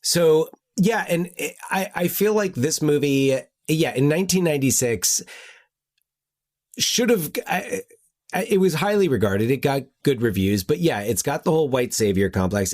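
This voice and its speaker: A man's voice: mid-range voice, animated, moderate pace, darkish tone. A man hosting a podcast in casual chat, thinking aloud with frequent restarts. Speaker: podcast host.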